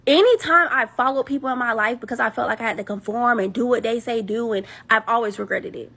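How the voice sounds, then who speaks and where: Woman, gravelly, husky, sarcastic rant, blunt. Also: a little high, fast, pushed and bright. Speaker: woman in a clip being reacted to. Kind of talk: ranting social media monologue.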